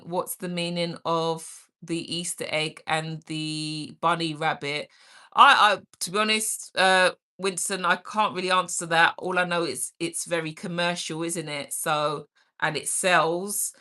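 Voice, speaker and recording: A woman's voice: lowish voice, sharp tone. A middle-aged woman hosting a casual livestream, reading chat aloud, greeting viewers by name and laughing often. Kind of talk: casual live-stream chat.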